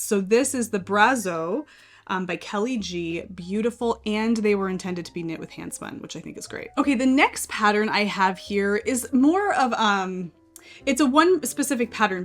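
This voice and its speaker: American woman, knitting vlog host, middle pitch, casual think-aloud delivery, faint music bed. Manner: chatty, thinking aloud with fillers. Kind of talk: casual pattern walkthrough.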